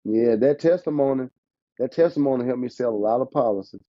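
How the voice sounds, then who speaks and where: A man, an insurance agent chatting casually as a podcast guest, lively and quick to laugh. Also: mid-range voice, no echo. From Alabama, US. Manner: animated, talkative, laughs often. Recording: dull, dry lo-fi sound.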